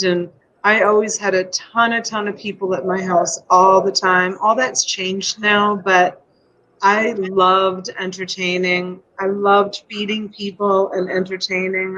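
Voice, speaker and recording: A woman's voice: mid-range voice, little pitch movement, a little slow, bright, forceful tone, highs cut off, a little hiss or hum. Woman host, middle-aged, rambling and effusive, home live stream. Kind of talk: casual live-stream chat. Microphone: USB desk mic.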